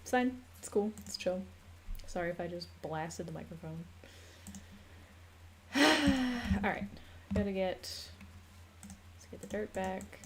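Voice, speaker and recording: A slow-paced, relaxed American woman talks through a live stream from home. Her chat is loose and chatty, full of laughs and asides to viewers and pets. A faint hiss sits under the voice. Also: mid-range voice. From United States. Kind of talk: casual chat while map-making. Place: home room.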